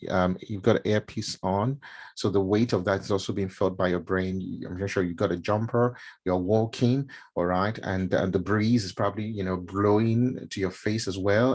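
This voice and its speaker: A man's voice: on the low side, darkish tone. A middle-aged man from Nigeria giving a casual mentorship talk, chatty and full of fillers and repeated words. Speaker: mentorship speaker. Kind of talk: casual talk to a live stream audience.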